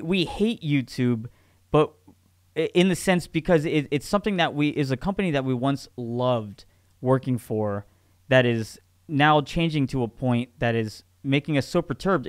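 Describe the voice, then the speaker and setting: A man's voice: mid-range voice, moderate pace, dry recording, studio quality. A man co-hosting a podcast in casual chat, ranting with profanity and frequent restarts. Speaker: podcast co-host.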